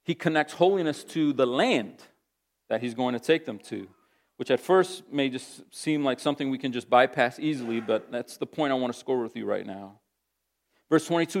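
A male pastor teaches through a Bible passage in an unhurried, conversational sermon. His voice sits at an ordinary middle pitch, and he stops often to rephrase and restart his thoughts.

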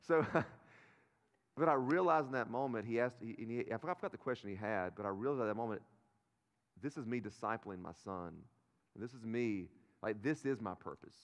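Guy preaching a sermon, gets loud then drops real quiet, medium voice, big echoey church hall. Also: mid-range voice, fairly quick. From North Carolina, US. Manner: animated, swings from loud bursts to quiet asides. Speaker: pastor. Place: church auditorium. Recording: long reverb of a church hall.

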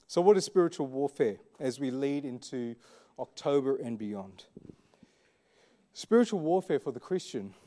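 A man's voice: medium pitch, warm tone. A man preaching a sermon as a pastor, in a conversational, questioning way with frequent fillers.

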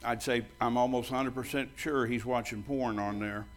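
Blunt older preacher telling a story. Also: male voice, mid-range voice, steady tone, normal speed, a little hiss or hum. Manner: blunt storytelling, acting out both sides of conversations; loud and bold when joking with the congregation. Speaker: pastor. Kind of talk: sermon.

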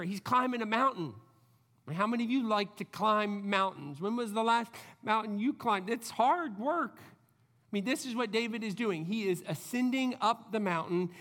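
Earnest high-voiced male preacher. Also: fairly bright tone, in a large hall. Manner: earnest, conversational preaching with frequent "I mean". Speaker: pastor. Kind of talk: sermon.

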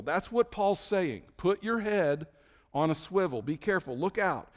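Pastor with a higher voice in an echoing hall. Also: male voice, lively intonation, measured pace. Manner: conversational storytelling with frequent fillers. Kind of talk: sermon. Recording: long hall reverb.

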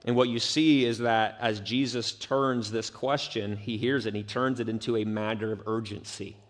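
A man's voice: fairly low pitch, steady tone, normal speed. A man preaching a sermon as pastor, earnest and building to emphatic urgency. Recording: long reverb of a church hall.

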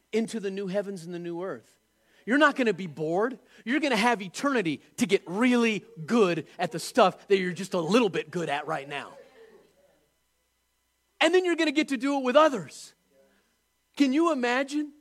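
Animated high-voiced male preacher. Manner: animated, emphatic preaching with rhetorical questions. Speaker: pastor. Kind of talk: sermon.

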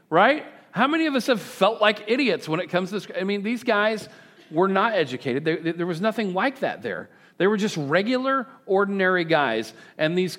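A man preaching a sermon to a congregation, animated and joking, prompting the people to answer back. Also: high-pitched. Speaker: pastor. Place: church service with congregation.

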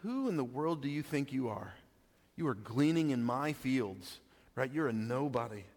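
A man's voice: medium pitch, lively intonation, normal speed, darkish tone, long reverb tail, close to an everyday voice. A man acting out an indignant older landowner who scolds an intruder, within his sermon. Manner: scolding, affronted.

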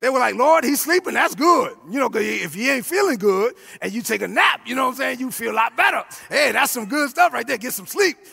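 High-voiced, gravelly shouting preacher. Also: male voice, fast, hardly any pauses, big-room sound. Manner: animated, shouting call-and-response preaching. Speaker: pastor. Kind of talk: sermon.

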